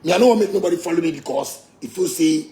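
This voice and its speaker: A man's voice: on the high side, quick pace, warm tone. A man with a Ghanaian accent, a musician ranting boastfully and with swearing, slipping into Pidgin. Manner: boastful, profane, mixes Pidgin. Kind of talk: heated rant.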